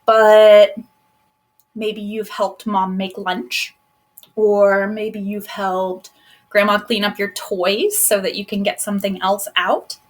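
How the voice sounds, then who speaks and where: A woman children's librarian leading a live online storytime from home, talking gently and encouragingly to young kids and explaining things simply over a laptop microphone. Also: mid-range voice, little pitch movement, takes it slowly. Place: at home, laptop propped on a box.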